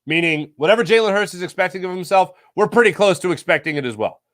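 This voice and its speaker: A man hosts a loose sports talk stream, working through viewer comments with rambling, jokey asides and quick self-corrections. His voice sits a little higher than most men's. The sound is dry and close, with no room around it. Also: animated, fairly bright tone, dry recording. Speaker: sports talk show host. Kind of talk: casual live-stream chat reading viewer comments.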